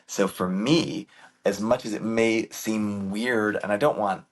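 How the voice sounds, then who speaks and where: A man who coaches youth baseball, talking as a guest in a casual, animated storytelling way. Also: fairly low pitch, unhurried.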